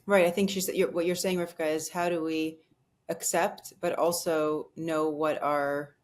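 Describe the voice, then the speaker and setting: A woman's voice: deep voice, flat delivery, measured pace. A woman co-hosting a podcast who thoughtfully rephrases another speaker's point, heard a little from the mic. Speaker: podcast co-host. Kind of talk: conversational interview.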